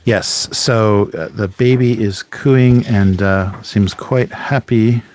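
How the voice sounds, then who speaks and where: A man narrating as game master in a tabletop game, halting, with many fillers and restarts. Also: lowish voice, steady tone, darkish tone, a little hiss or hum.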